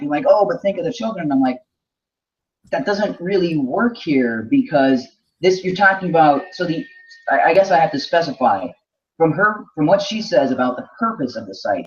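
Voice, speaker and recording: A man co-hosting a casual discussion, reasoning aloud in a measured way with frequent restarts. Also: a little high. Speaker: podcast co-host. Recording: dull lo-fi sound.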